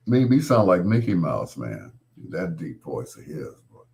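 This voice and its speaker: A man's voice: low-pitched, sing-song, unhurried, vocal fry, warm tone. A man working as a late-night radio DJ, chatting in a laid-back, storytelling way with casual slang.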